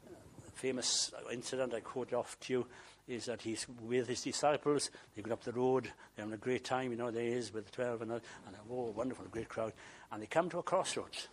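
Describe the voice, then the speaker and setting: A man gives an emotional sermon, lifting his voice for emphasis and then dropping to hushed whispers. His pitch sits in an ordinary middle range. A faint hiss runs under the recording. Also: fairly quick. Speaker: preacher.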